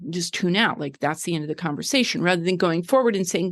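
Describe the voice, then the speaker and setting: A middle-aged woman talks things through in a lower voice, animated and chatty, tagging her points with "right?". She explains the way a coach would in a relaxed conversation. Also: a little fast. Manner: animated, many "right?" tags and fillers. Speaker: guest, wellness coach.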